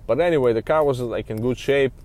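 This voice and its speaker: A man's voice: medium pitch, fast talker, a little mellow. A man who works as a used car dealer, telling a story in a casual, rambling way with lots of fillers and a frustrated edge. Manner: rambling, frustrated, many "you know" fillers.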